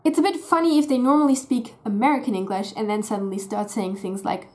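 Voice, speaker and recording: A woman's voice: a little high, fairly even intonation, fast talker, a little mellow. Woman with a faint German accent. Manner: explains clearly and casually with fillers. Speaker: language teacher. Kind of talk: explanatory video lesson.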